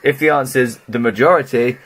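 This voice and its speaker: A young man co-hosting a podcast, joking in a dry, deadpan way. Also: mid-range voice, fairly quick. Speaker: podcast co-host. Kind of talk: casual chat.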